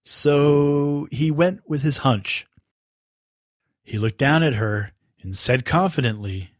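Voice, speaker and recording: A man narrating a children's story in an expressive, unhurried way. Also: a little high, no echo, studio quality.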